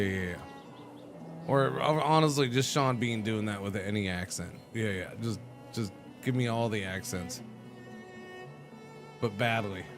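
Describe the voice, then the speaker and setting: A man streaming a game, chatting casually and answering his chat, rambling and stumbling over repeated words. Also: mid-range voice. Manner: talks back to chat messages.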